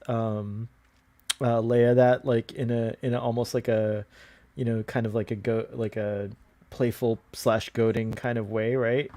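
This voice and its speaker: A man's voice: medium pitch, dark tone. A man co-hosting a podcast, chatting eagerly with lots of laughs and fillers. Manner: enthusiastic, laughs often, hesitant fillers. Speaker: podcast co-host. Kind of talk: casual chat.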